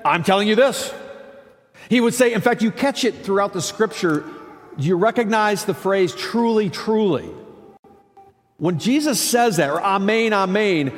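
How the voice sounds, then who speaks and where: High-voiced preacher in a reverberant church. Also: male voice. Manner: conversational, emphatic, with many asides. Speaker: pastor. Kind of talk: sermon.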